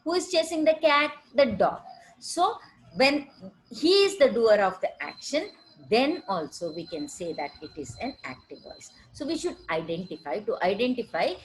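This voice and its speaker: A woman teaches grammar in a recorded lesson. Her voice sits fairly high and moves up and down a lot. She keeps asking questions and answering them herself, checking in with "right?" along the way. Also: sing-song, moderate pace, rough recording.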